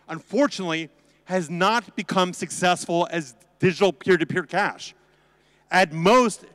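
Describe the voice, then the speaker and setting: A man's voice: high voice, fairly bright tone. A man giving a conference talk in a sarcastic, joking, conversational way, with a long hall reverb on the recording. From United States. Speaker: conference speaker.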